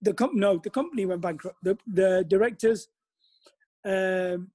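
A man's voice: high-pitched, measured pace, darkish tone, no room sound, studio quality. A man talking as a guest in a casual chat, giving emphatic advice. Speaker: guest, businessman.

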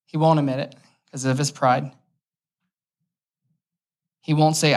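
A man's voice: on the high side, flat delivery, a little slow. Young guy giving a laid-back sermon, chatty, storytelling, throws in little jokes. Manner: casual and storytelling, with light humor. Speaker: preacher. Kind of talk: conversational sermon.

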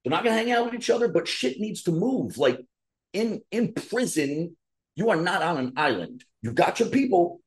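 A man on a casual podcast, ranting hard and swearing freely. His voice sits a little high and swings widely in pitch as he gets worked up. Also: moderate pace. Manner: profane, animated ranting. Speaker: podcast co-host.

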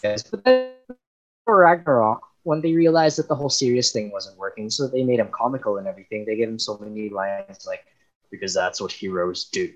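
A man's voice: medium pitch, animated, a little fast. Man explaining at length, lo-fi mic. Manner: argues his points at length. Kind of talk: casual chat. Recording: dull lo-fi mic.

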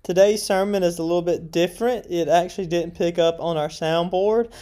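A man's voice: sits high, fairly even intonation, brisk, dark tone. A man casually introducing a church podcast episode. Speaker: podcast host.

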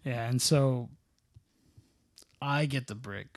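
A man with a mid-range voice slowly tells childhood stories in a casual chat. He rambles and restarts, filling his speech with lots of "like," and bursts out laughing now and then.

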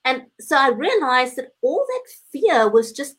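A woman's voice: high voice, very animated, unhurried, a bit bright. A woman co-hosting a casual live-stream chat, earnest and a little rambling, with frequent fillers. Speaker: co-host.

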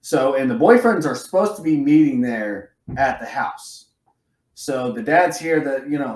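A man's voice: mid-range voice, unhurried, echoey room. A man co-hosting a podcast who chats casually and profanely. He retells scenes with energy and jumps into quoted voices. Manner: animated storyteller, acts out quotes in a raised voice. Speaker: podcast co-host.

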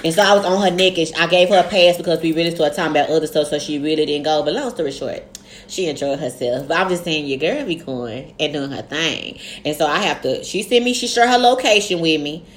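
A young adult woman co-hosting a casual podcast, telling stories in a fast, animated way with lots of cursing. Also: low-pitched, slight background noise. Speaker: podcast co-host. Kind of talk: casual chat.

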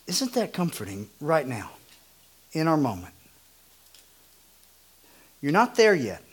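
A man preaching a sermon, dropping to a hushed low voice for scripture and rising when he gets excited. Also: measured pace, pauses often, slightly rough. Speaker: pastor.

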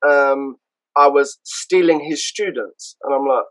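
A man with a London accent, a podcast guest and karate instructor, telling stories casually in an animated way, with frequent restarts. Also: medium pitch, a little slow, rough recording. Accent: London English. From London, England. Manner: animated, acts out others' voices, frequent restarts. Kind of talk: casual storytelling.

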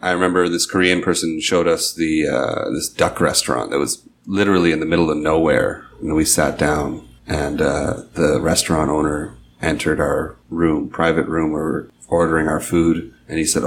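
Brief: man with a very low voice, lively storyteller, loose and profane, faint hiss. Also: normal speed, hardly any pauses. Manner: animated storytelling, casual swearing. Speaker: expat panelist. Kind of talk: casual group chat.

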